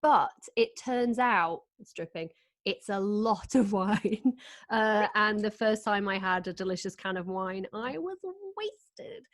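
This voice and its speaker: A woman hosting a casual video-call chat, telling lively anecdotes and laughing often. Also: medium pitch, a little slow. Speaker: host and author.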